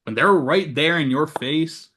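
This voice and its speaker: A man guesting on a podcast, an actor telling animated, profane backstage anecdotes in casual conversation. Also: fairly high pitch, unhurried. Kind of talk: casual storytelling.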